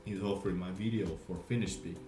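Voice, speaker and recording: Low-voiced Latvian-born man streaming. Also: fairly even intonation, roomy sound, over music. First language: Russian. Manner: halting, restarts often, switches between English and Finnish. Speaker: vlogger streaming live. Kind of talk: casual live stream chat. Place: outdoors in the city.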